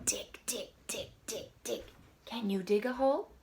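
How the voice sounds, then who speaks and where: A woman's voice: high-pitched, lively intonation, takes it slowly, fairly bright tone, exaggerated voice. A woman voicing a busy, cheerful duck in a picture book, chanting simple words in a plain voice.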